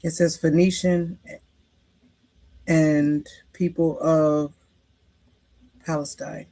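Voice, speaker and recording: A woman student answering in a scripture class, hesitant and halting, politely addressing the teacher. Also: low-pitched, flat delivery, dark tone.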